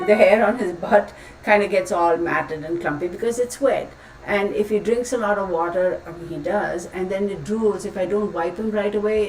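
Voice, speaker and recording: A woman's voice: on the low side, darkish tone. A woman hosting a tarot live stream, chatting casually and rambling with frequent exclamations. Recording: roomy, distant mic, faint background noise.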